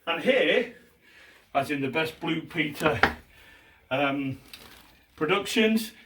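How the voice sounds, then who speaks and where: Middle-aged man, fairly high voice, jokey home-cooking demo, mic a bit far off with faint background noise. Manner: chatty, jokey, step-by-step instructions. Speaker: home cook presenter. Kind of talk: casual cooking demonstration.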